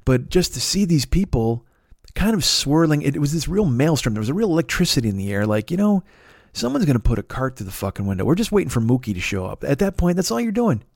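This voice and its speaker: A man's voice: on the high side, fast, gravelly, no echo, studio quality. A man hosting a podcast, telling a story as a profane rant and swearing constantly. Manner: animated, swears constantly, builds to shouting. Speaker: podcast host.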